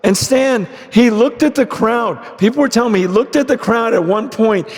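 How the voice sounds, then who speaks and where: A man preaching a sermon, telling a story with dramatic swings from hushed lines to shouted ones. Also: extremely high pitch, moderate pace, long reverb tail. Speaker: pastor.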